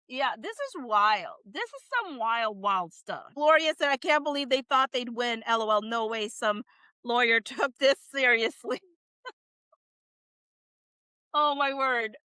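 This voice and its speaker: A woman's voice: on the high side, sharp tone, clean tone, no echo, low-quality recording. A young woman giving casual live-stream commentary, reading chat comments and laughing often in incredulous disbelief.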